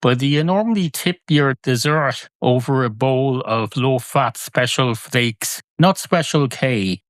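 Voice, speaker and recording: A man with an Irish accent hosting a solo comic podcast, wandering through absurd tangents in a deadpan way. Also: mid-range voice, a little slow, no room sound. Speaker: podcast host.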